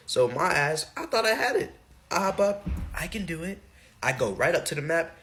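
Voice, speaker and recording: Animated, profane young man telling a story. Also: moderate pace. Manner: profane, animated, swings high when excited. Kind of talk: casual comic storytelling.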